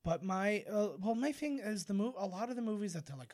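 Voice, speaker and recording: A man from Canada co-hosts a casual podcast. He talks in an animated way, laughing often, and his voice sits fairly high for a man. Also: fairly quick, dry recording, studio quality. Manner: animated, laughing, slips into mock accents. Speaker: podcast co-host. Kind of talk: casual chat.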